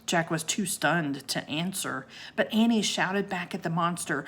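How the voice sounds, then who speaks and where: A woman reading a children's book aloud like a teacher, unhurried and expressive, with asides to her young listeners. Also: fairly low pitch, breathy edge. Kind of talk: children's storybook read-aloud.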